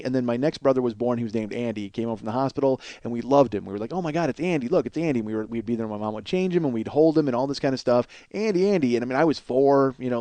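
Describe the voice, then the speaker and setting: A man's voice: medium pitch, no room sound. A man in his forties from Chicago, hosting a comedy podcast and telling a long, rambling, profane story. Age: 40s. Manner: rambling, profane, animated when worked up.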